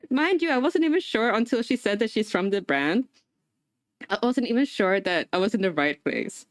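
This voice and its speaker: Woman streamer telling a story while crafting, laughs a lot, kinda high voice, dry close mic. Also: animated, moderate pace, no room sound. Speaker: livestreamer. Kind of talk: casual storytelling chat. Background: talking while assembling a paper craft.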